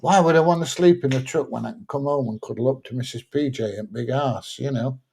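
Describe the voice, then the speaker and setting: A middle-aged man hosts a live stream in a relaxed, chatty way, musing aloud between viewer comments. His voice is mellow and warm, pitched in an ordinary middle range. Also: brisk, creaky, breathy edge. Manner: chatty, laid-back, thinks aloud with fillers. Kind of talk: casual chat reading viewer comments.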